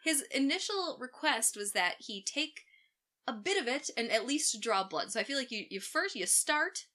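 A woman's voice: sits high, expressive, normal speed, sharp tone. A woman co-hosting a podcast in casual chat, giggly and playful with wordplay. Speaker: podcast co-host.

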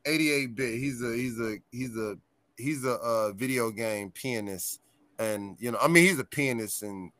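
A man guest on a podcast, telling tour stories in a casual, animated and profane way, laughing often. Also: medium pitch, measured pace, no echo. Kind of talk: casual storytelling chat.

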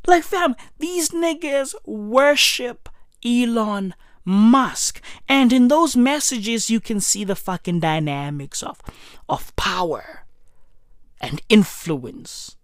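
A woman with doing a casual rant commentary, animated, profane and mocking. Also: on the high side, takes it slowly, no echo, clean studio sound.

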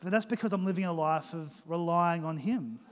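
High-voiced preacher man in a reverberant hall. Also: a little fast. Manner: lively, joking preacher who acts out little scenes. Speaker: pastor. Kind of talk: sermon.

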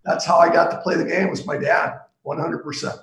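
A middle-aged man from Pittsburgh, a sales executive guest, telling golf stories in a relaxed, anecdotal way with lots of fillers. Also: a little high, a little fast, creaky, reverberant, rough recording. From Pittsburgh, USA. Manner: warm anecdotal, chuckles, trails off with fillers. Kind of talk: casual storytelling.

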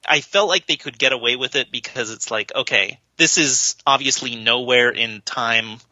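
A man's voice: medium pitch, normal speed, no echo. A man hosting a podcast, chatting casually and jokingly about a movie. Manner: animated, joking, trails off and restarts. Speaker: podcast host. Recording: slightly dull lo-fi sound.

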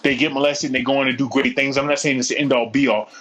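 A man's voice: mid-range voice, little pitch movement, racing, fairly bright tone, slightly rough, muffled recording. A man in his forties co-hosting a casual podcast chat, blunt and profane, ranting freely. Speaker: podcast co-host.

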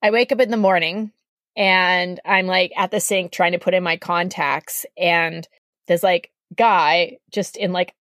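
A woman from Canada, a podcast guest, telling a story in a casual, animated way, acting out the voices she quotes and saying "like" a lot. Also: lowish voice, measured pace, no echo, clean studio sound. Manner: animated, acts out quoted voices, heavy use of "like".

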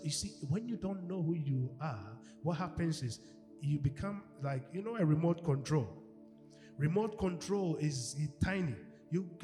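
A male pastor preaching a sermon, animated, acting out quoted voices and swinging from shouts to hushed tones. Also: fairly high pitch. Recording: echoey hall with music behind.

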